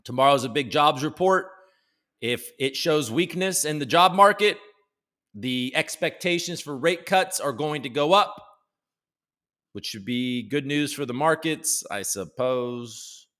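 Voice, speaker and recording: A man's voice: on the high side, animated, unhurried, sharp tone. A man from the United States hosting a casual live stream from home, joking loosely and greeting chat viewers by name. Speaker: livestream host.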